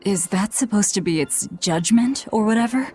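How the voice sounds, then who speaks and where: A woman's voice: medium pitch, expressive, normal speed, darkish tone, soft background music, natural voice. A woman voicing a blunt, grim young swordswoman in a video game, speaking tersely and dryly. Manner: terse, dry.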